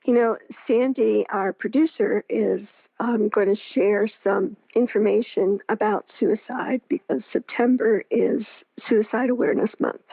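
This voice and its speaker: A woman with a creaky voice hosts in casual chat, relaxed and loose in her phrasing. She comes through a tinny, phone-like line that is dry and close. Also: mid-range voice, a little slow, hardly any pauses, dry recording.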